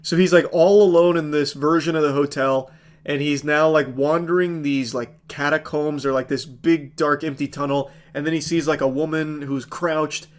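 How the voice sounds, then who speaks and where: A man in his thirties rants through a movie recap in a slightly high voice. He sounds exasperated and sarcastic, swearing freely as he picks the film apart. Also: fairly even intonation, normal speed. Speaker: movie reviewer. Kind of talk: ranting movie review commentary.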